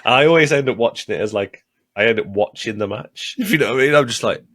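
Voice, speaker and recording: A man co-hosting a podcast, chatting casually and excitably, swearing and laughing often. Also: medium pitch, quick pace. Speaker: podcast co-host. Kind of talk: casual chat.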